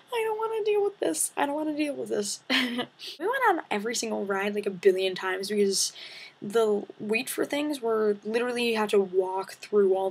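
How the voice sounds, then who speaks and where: Very breathy teenage girl vlogging. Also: medium pitch. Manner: animated, dramatic retelling with breathy asides. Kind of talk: casual storytelling to camera.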